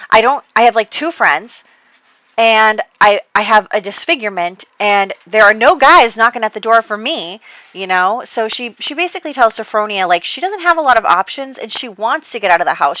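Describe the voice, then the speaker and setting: A woman with a medium-pitched, pushed, bright voice casually recaps her Sims story, narrating the gameplay with plenty of "like". She quotes her characters in quick voices along the way. The recording is dry and low quality.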